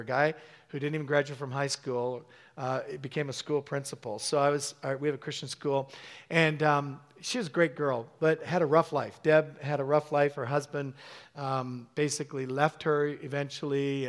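A middle-aged man preaching to his congregation with an animated, call-and-response delivery. His voice sits a little high for a man, and he tells stories full of fillers and restarts. He keeps urging the crowd to say words back to him. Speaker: pastor.

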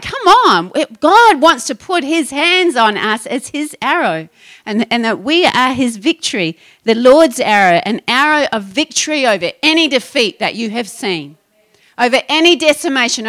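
A woman's voice: high voice, normal speed. A middle-aged woman pastor preaching a passionate, rising sermon to her congregation. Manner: passionate, building to excited exhortation.

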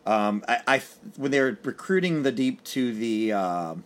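A man's voice: medium pitch, expressive, measured pace. A man co-hosting a podcast, recapping a TV series in casual chat, rambling with many fillers and restarts. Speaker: podcast co-host.

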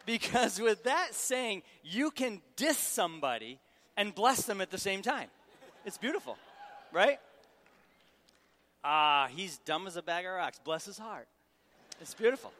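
A middle-aged man delivers a sermon as a guest preacher, teasing the crowd and drawing it in with questions. His voice sits a little high and rings bright and forceful. A long reverb from a large hall trails after every phrase. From Syracuse, New York. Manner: humorous, engaging the audience.

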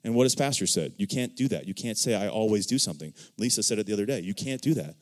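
A man sharing his own testimony in a casual church discussion, animated and acting out the dialogue he quotes, often checking in with "right?". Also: on the low side, fast.

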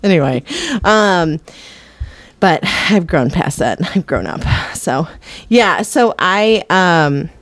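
Young woman, podcast co-host, casual movie chat, lively swooping pitch, dry close sound. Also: slow, no echo. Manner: animated, laughs often, swears casually.

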